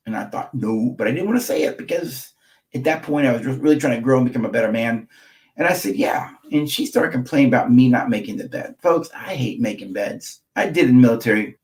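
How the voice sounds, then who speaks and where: A man's voice: medium pitch, darkish tone. A middle-aged man, a marriage therapist, gives an emphatic teaching talk to camera, repeating key phrases and checking in with his listeners.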